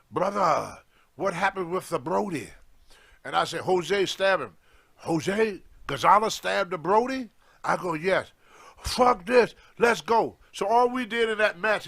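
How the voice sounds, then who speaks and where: High-voiced guy telling an old story, acts out voices, loose grammar, pretty lively. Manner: animated, acts out others' voices in his stories, loose grammar. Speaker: guest storyteller, former wrestler. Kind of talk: casual storytelling.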